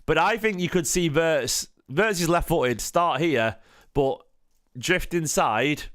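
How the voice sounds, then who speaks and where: A man's voice: on the high side, slow pace, a bit bright. A tired man, hosting a casual football fan stream, rambling with frequent restarts and questions to his chat. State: tired, half asleep. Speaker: football fan channel host.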